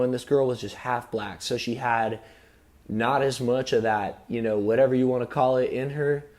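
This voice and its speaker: A man recounting his own experiences in a loose, confessional vlog. He rambles and circles back with constant "you know"s and "um"s, and drops casual swearing along the way. His voice sits at an ordinary middle pitch for a man. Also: a little mellow. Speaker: vlogger. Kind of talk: personal storytelling to camera.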